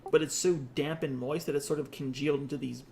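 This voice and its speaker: A man's voice: fairly high pitch, steady tone, fast talker, gravelly, a little mellow, a little hiss or hum. A man running a tabletop game as game master, describing scenes with asides and restarts.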